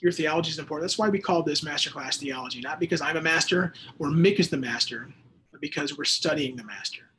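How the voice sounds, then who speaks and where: A man teaching the Bible on a call-in show, moving between relaxed chat and fervent emphasis. His voice sits a touch high for a man. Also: fast, slight background noise. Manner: conversational, with bursts of emphatic preaching. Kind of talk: radio Bible teaching with listener texts.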